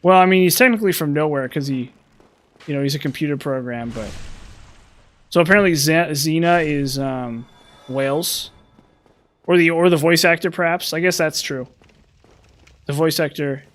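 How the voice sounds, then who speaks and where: Guy rambling through a game, thinking out loud, kinda self-deprecating, slightly high voice. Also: normal speed, pauses often. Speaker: gameplay commentator. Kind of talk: casual gameplay commentary.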